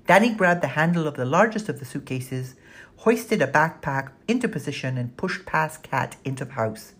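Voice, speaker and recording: A woman narrating a novel in a measured storytelling manner. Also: deep voice, expressive, slightly rough. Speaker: audiobook narrator. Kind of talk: scripted narration.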